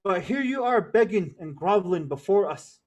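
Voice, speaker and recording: A man's voice: high voice, animated, normal speed. A man telling a traditional story as a lesson, repeating words for rhythm and mixing in Navajo words. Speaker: storyteller and cultural presenter.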